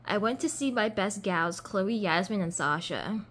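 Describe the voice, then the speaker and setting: A woman's voice: medium pitch, lively intonation, a little slow, fairly bright tone. Woman casually reading a storybook aloud. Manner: casual, slips and restarts, laughs at herself. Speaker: doll collector reading a storybook. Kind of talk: reading a children's book aloud.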